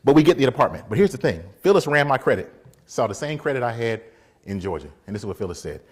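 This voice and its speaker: A man preaching in a storytelling way, animated, acting out other people's voices and laughing often. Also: mid-range voice, quick pace, husky. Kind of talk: storytelling sermon.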